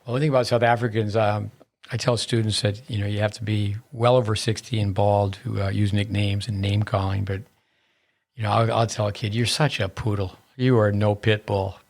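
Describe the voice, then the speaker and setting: A man's voice: lowish voice, level tone, fairly quick, gravelly, darkish tone. A man hosting a tennis podcast, asking his guest questions and adding his own coaching remarks. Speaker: podcast host. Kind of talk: podcast interview.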